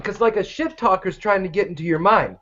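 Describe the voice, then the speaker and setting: A man's voice: high voice, a little fast, fairly bright tone, a little hiss or hum. A man co-hosting a podcast, joking and ranting crudely in casual chat. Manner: crude, joking, emphatic rants. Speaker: podcast co-host. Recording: dull lo-fi podcast audio.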